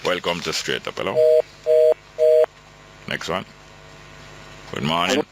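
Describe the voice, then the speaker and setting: A man's voice: low voice, animated, takes it slowly, gravelly, heavy background noise. A man with a Jamaican accent hosting a call-in radio talk show, reading listener texts and commenting in patois.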